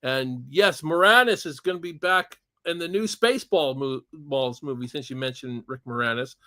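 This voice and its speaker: A man's voice: medium pitch, moderate pace, bright, forceful tone, no echo. A Canadian man hosting a casual livestream chat, rambling with frequent chuckles and restarts. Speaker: podcast host.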